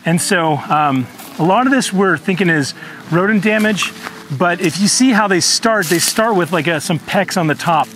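Chatty high-voiced gardening host. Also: male voice, normal speed, fairly bright tone, a little hiss or hum. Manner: chatty, earnest, frequent ums. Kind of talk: casual gardening tutorial. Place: outdoor home orchard.

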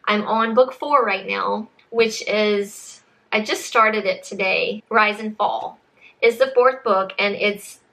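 A woman's voice: mid-range voice, bright, forceful tone. A young woman chatting casually to camera as a book vlogger, rambling with frequent restarts and saying y'all.

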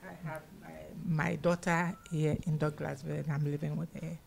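A woman, speaking plainly and in a measured way. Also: deep voice, little pitch movement, vocal fry, darkish tone, a little hiss or hum. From Ghana. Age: 70s.

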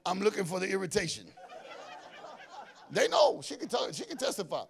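A man preaching a fervent sermon as an apostle, often shouting and breaking into prayer in tongues. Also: high-pitched, huge pitch swings, moderate pace, vocal fry.

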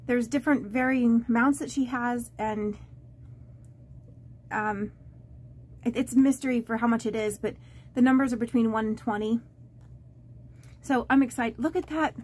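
A woman vlogger chatting to camera as she opens fan mail, halting and rambling with many fillers and restarts, gushing and easily moved. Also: fairly high pitch, steady tone, a little mellow, breathy edge. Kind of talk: casual unboxing chat to camera.

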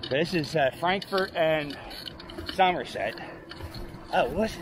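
A man vlogging as he rides a bike through city streets, rambling excitedly and talking to himself. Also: a little high, slow. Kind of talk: casual vlog monologue while cycling. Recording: outdoor street noise with passing traffic.

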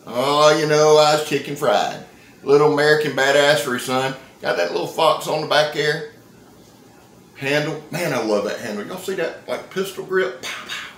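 A man, talking through a casual knife-review vlog in an excitable, folksy, joking way. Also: fairly high pitch, moderate pace, slight background noise. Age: 50s. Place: indoor room. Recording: roomy, echoey sound.

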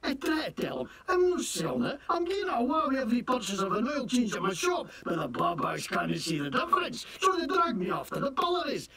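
A man's voice: very high-pitched, big pitch swings, brisk, hardly any pauses, pushed and bright, recorded from a distance, exaggerated voice. An actor playing a shifty, indignant shopkeeper in a video game who fakes a Scottish accent and swears his way through questioning. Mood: defiant. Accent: put-on Scottish. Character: shifty male fake-Scottish shopkeeper, defiant and loud.

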